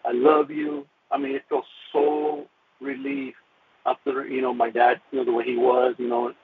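A man giving an earnest personal faith testimony, halting and full of fillers and restarts, over a tinny phone-like radio recording. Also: medium pitch, fairly even intonation, noisy background. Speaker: guest telling his faith testimony.

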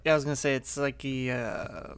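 A man co-hosting a casual podcast, chiming in in a laid-back, soft-spoken way. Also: mid-range voice, fairly even intonation, brisk, smooth, dry recording. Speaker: podcast co-host. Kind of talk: casual chat.

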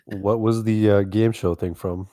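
A man's voice: on the low side, fairly even intonation, measured pace, warm tone. A man co-hosting a casual podcast, reacting with wry, teasing comments. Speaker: podcast co-host. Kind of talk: casual chat.

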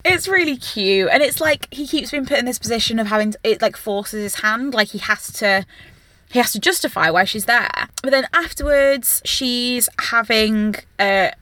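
A woman co-hosting a podcast, chatting casually and retelling book scenes in animated quoted voices. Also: fairly high pitch, normal speed, no room sound. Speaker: podcast co-host.

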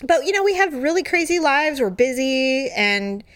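A woman in casual chat, telling a funny story with lots of laughter and squealed, acted-out quotes. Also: moderate pace. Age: adult. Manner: animated, laughing, acts out quotes in high squeals.

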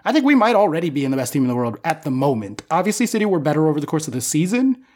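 A young man co-hosting a casual podcast chat, excitable and swearing freely as he rambles as a fan. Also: a little high, very fast. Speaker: podcast co-host.

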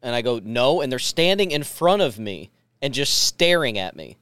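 A man's voice: medium pitch, moderate pace, smooth, dry recording. A man co-hosting a podcast in casual chat, telling stories with crude jokes. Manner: crude jokes, lively storytelling. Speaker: podcast co-host.

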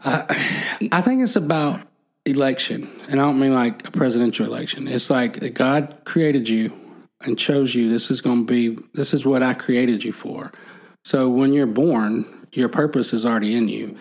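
A man's voice: mid-range voice, moderate pace, a little mellow, poor audio. A man in casual chat, retelling an old story and acting out the characters' lines in a lifted voice, laughing now and then. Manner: acts out the characters' lines with a raised voice; laughs easily while telling.

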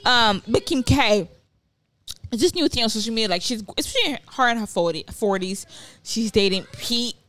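A woman's voice: on the high side, animated, normal speed, fairly bright tone. A young woman co-hosting a podcast, chatting casually and animatedly, laughing often and breaking off mid-sentence. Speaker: podcast co-host. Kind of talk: casual chat.

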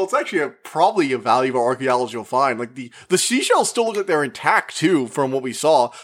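A man's voice: a little high, a bit bright. Chatty man reviewing a movie. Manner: chatty, acts out quoted characters in quick put-on voices; rambling, with frequent fillers and restarts. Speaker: media reviewer. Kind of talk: casual spoken movie review.

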